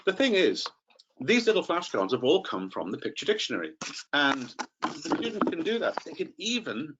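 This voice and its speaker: A man's voice: on the high side, a bit bright, lo-fi sound, a little hiss or hum. A man training teachers in a live online webinar, chatty and playful, calling on participants by name.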